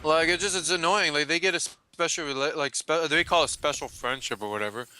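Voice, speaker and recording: A young man rants over gameplay, rambling and cursing freely. His comes fast and bright, a touch higher than most men. Faint background noise sits under his voice. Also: clear, resonant tone. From Canada. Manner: rambling, profane, ranting. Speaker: let's-play co-host. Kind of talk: casual chat over gameplay.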